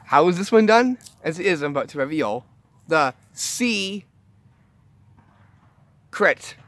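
A man walks viewers through simple magic tricks at an unhurried pace. His voice sits a little high, and he stumbles and restarts often before reaching each upbeat reveal. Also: expressive, fairly bright tone, no echo. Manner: chatty, halting, with fillers and restarts, upbeat reveals. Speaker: magic tutorial host. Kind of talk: casual how-to demonstration.

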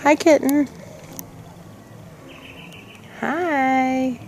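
Slow-talking, high-voiced woman vlogger. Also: fairly even intonation, a little mellow, a little hiss or hum, poor audio. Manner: chatty, coaxing talk to animals. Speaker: travel vlogger. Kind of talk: casual vlog narration. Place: outdoors in a cemetery.

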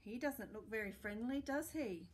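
A woman librarian reading a picture book aloud to children, expressive and asking questions as she goes. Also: fairly high pitch, normal speed. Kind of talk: storytime read-aloud for children.

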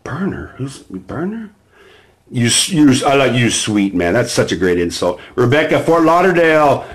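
A man hosting a live stream, reading from his own book and preaching self-understanding, swinging between low chatty asides and loud emphatic bursts. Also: big pitch swings, normal speed, low-quality recording. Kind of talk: motivational live stream talk. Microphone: phone or webcam on a live stream.

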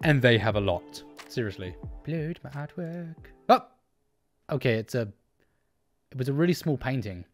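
A woman hosting an art channel, talking in an upbeat, enthusiastic and jokey way through a casual vlog and sponsor read. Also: low voice.

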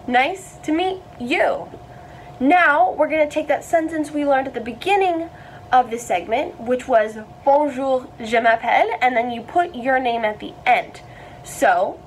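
High-voiced woman teaching French phrases. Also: expressive, slight background noise, poor audio. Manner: slow, repeating phrases for children. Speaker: French segment presenter. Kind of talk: kids' language lesson.

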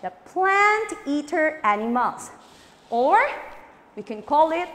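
Lively high-voiced woman teacher, slow and reverberant. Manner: drills words with repetition and coaxing. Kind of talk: e-learning lesson for young children.

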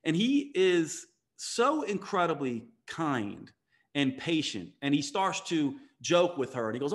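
A man speaking in a fairly high register tells his story as a podcast guest. He talks with emphasis and slips into the voices of the people he quotes. He sounds like a coach driving a point home. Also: animated, a little slow. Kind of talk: storytelling interview talk.

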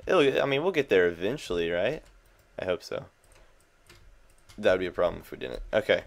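Keyboard clicks run under a young gaming host's deep, very animated voice, which is a bit slow and full of pauses. He chats casually, amuses himself, and reacts jumpily as he plays.

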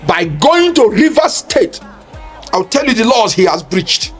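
A man lays out a legal argument with emphasis and rhetorical questions. His voice sits high and swings widely in pitch. Faint music plays under him. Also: very animated, a little slow. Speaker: legal commentator. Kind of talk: public speech on law.

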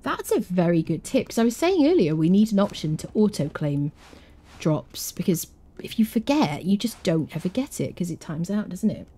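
Mellow, low-voiced woman streamer. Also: sing-song, moderate pace, slightly rough. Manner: chatty, rambling, answers chat. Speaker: game streamer. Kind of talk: live gameplay stream chat.

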